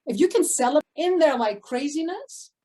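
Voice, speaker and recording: Woman coach with a fairly high voice for an effusive motivational live talk; gasps, bursts of excitement, then drops to a hush. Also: normal speed. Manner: enthusiastic and effusive, with sudden gasps and swings between loud and hushed. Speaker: spiritual abundance coach.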